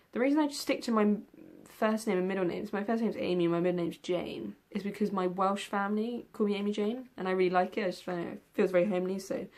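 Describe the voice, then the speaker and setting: A woman's voice: medium pitch, a little mellow. A young woman answers tag questions in a casual vlog. She rambles loosely, filling gaps with ums and the occasional yawn. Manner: rambling, with many ums and yawns. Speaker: book vlogger. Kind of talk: casual tag video chat.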